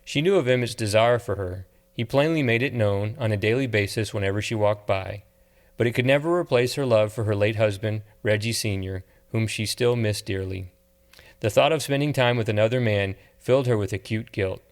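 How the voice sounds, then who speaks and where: A man narrating an audiobook novel in a measured, steady way. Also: on the low side. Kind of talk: scripted narration.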